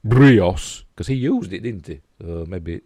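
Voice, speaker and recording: A man's voice: sits low, lively intonation, slow pace, mellow, husky, dry recording. A middle-aged man with a Yorkshire accent, rambling casually and chuckling as he comments on pictures. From England. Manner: chatty, rambling, chuckling asides. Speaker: host.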